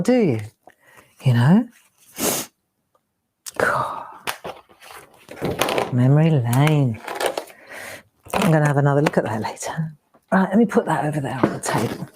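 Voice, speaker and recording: A woman's voice: low voice, very animated, a little slow, pauses often, noisy background. A middle-aged woman hosting a craft live stream, chatting and exclaiming as she looks through old keepsakes. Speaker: craft show host. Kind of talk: casual live-stream chat.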